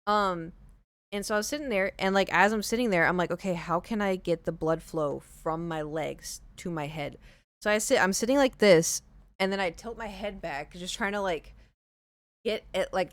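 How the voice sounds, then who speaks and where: A woman's voice: medium pitch, no echo. Chatty young woman streamer, dry sound. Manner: chatty, rambling, heavy use of "like", laughs easily. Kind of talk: casual storytelling to live chat.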